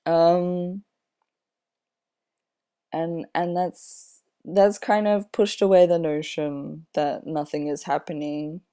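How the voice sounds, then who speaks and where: A young man in his twenties with a slightly airy voice, talking casually in a personal vlog, unhurried and rambling with many fillers. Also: fairly high pitch, flat delivery, mellow, smooth. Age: 20s. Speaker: vlogger.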